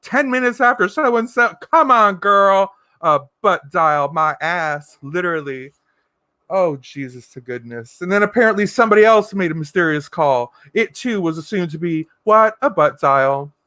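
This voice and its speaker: Sassy high-voiced man chatting on a livestream. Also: animated, bright, forceful tone, no echo, clean studio sound. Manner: sassy, campy, drawn-out endearments; reads viewer comments aloud. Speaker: livestream host. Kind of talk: casual livestream chat.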